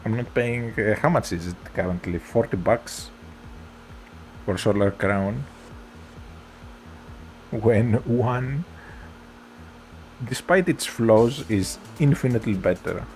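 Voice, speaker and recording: A man with a Greek accent, chatting casually with his viewers while streaming a racing game, in a relaxed, rambling way. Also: lowish voice, slow pace, long pauses, soft background music. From Greece. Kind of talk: casual gameplay chat.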